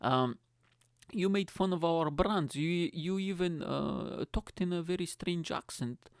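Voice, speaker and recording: A halting, heavily accented Eastern European company rep, as a man puts him on, pitched a little above his own voice and pushing a sponsorship deal slowly. The tone is smooth and clean, with a dry, close sound. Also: no echo. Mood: wheedling. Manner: slow, halting sales pitch. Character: corporate clothing sponsor rep with thick accent.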